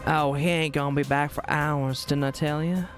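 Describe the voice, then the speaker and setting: A woman's voice: deep voice, steady tone, normal speed, over music, natural voice. A woman voicing a flirty, scheming middle-aged Mrs. Claus in a game, with a drawling, teasing manner. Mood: sultry.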